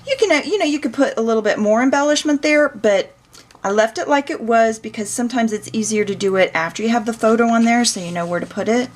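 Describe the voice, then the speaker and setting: A woman's voice: a little high, fast talker. A woman, chatting casually as she shows off a handmade scrapbook, folksy and searching for words as she goes. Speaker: crafter showing her scrapbook. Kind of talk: casual show-and-tell walkthrough.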